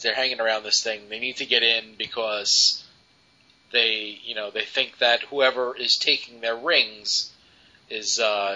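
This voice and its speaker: A man's voice: medium pitch, bright, forceful tone. A man co-hosting a podcast, reviewing comics in casual chat with many ums and restarts. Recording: dull lo-fi podcast audio.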